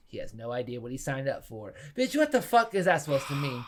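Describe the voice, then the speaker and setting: A young man co-hosting a podcast in casual, animated banter, mocking and swearing freely. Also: mid-range voice, fast, hardly any pauses. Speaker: podcast co-host.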